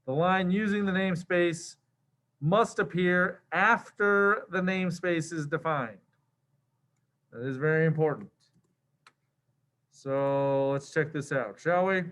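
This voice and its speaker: Male coding instructor: relaxed and slangy with lots of fillers, voice a touch higher than most men. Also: slow, long pauses. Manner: casual and slangy, with many fillers. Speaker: programming instructor. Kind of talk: screen-share coding lecture.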